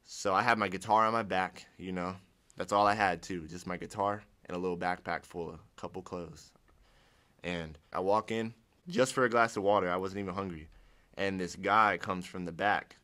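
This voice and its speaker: His voice sits low with a sharp tone and fairly even intonation as this young Ohio man shares his testimony at a moderate pace. He rambles casually, restarts sentences, and reenacts his own past words.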